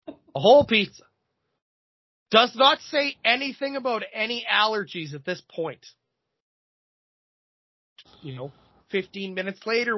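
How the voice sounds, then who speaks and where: A man in his thirties, a podcast host, telling a comedic story in an animated, profane way. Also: high voice, husky, dry recording, lo-fi sound. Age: 30s.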